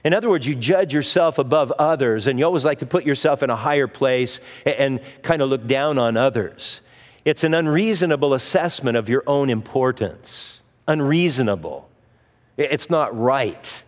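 A man's voice: medium pitch, lively intonation, normal speed. Man preaching in a reverberant hall. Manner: conversational preaching with personal anecdotes and restarts. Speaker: pastor. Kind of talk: sermon.

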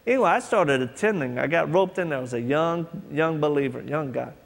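A man with a fairly high, expressive, creaky voice preaches a sermon at a fairly quick clip. He tells a personal story and acts out the voices of other people, all within an echoey hall with long reverb.

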